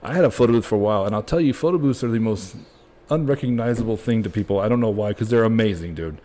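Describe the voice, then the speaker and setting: A man's voice: lowish voice, quick pace, mellow. A man hosting a podcast in a bar, in loose, joking casual chat with swearing. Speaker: podcast host.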